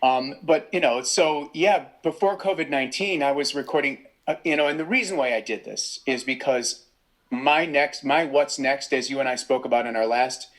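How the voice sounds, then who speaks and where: American man telling animated stories. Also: mid-range voice, moderate pace. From United States. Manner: animated storyteller, acts out quoted voices. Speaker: voice actor guest. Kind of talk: casual interview storytelling. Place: home recording studio.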